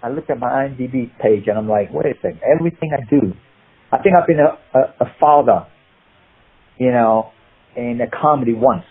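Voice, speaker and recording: Male actor guest, Cockney accent, husky voice, phone-line sound. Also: mid-range voice, normal speed. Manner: rambling, animated, many restarts. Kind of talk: casual interview storytelling.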